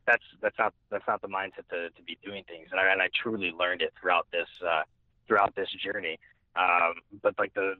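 A man's voice: sits low, dry recording. A young man telling a personal story as an interview guest, rambling with many restarts and fillers. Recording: tinny phone-like line.

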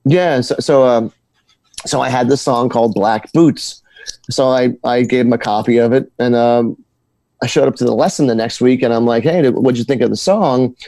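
A musician tells stories in a relaxed interview, tripping over words and restarting his sentences. His voice sits at an ordinary pitch and sounds dry and close. He talks like a regular guy swapping stories. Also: dry recording. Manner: halting, repeats words, laughs while telling stories. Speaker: guitar teacher and musician. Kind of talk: casual interview storytelling.

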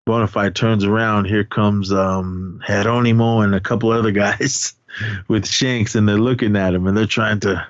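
A man's voice: fairly low pitch, fairly even intonation, moderate pace, no echo. A man co-hosting a podcast, recapping a movie's plot in casual chat, rambling with many fillers and restarts. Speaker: podcast co-host. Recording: dull lo-fi sound.

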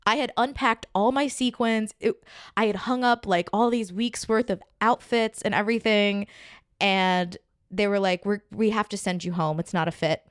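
Woman comic on a podcast, lively storytelling, smooth clear voice, dry close mic. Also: mid-range voice, no echo. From New York. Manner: animated storytelling, quick asides and quoted voices. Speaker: comedian guest. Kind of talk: podcast conversation.

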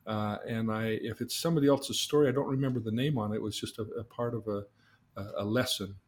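A man hosting a podcast, telling a long story in an animated way, often repeating words as he starts a thought. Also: on the low side, fast talker. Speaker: host.

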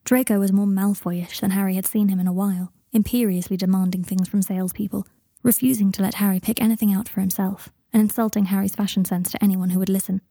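A woman narrating a story in a calm, even reading voice on a close microphone. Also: mid-range voice, fast, few pauses, no room sound. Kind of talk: storybook narration of fan fiction.

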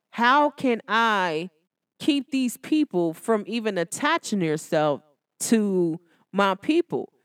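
A young woman, talking to listeners on her podcast in a casual, sassy, animated way. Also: no room sound, clean studio sound. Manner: animated, sassy, jumps into high exclamations. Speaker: podcast host. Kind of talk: casual solo podcast talk.

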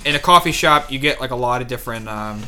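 A young man chatting casually on a podcast, telling animated work stories and jumping into high voices to quote people. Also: fast, slight background noise. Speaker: podcast co-host. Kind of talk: casual chat.

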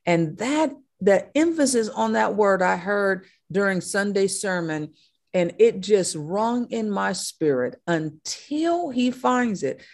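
Creaky-voiced woman preaching with fervor. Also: medium pitch, animated, slow. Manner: impassioned, emphatic repetition. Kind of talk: sermon.

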